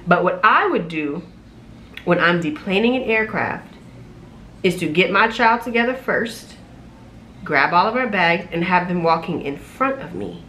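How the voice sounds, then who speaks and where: A young adult woman and flight attendant, telling a story in a casual, animated, sassy vlog from a room at home, recorded on a camera mic. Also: fairly low pitch, measured pace, slight background noise. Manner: animated, sassy, loud laughs, exclaiming.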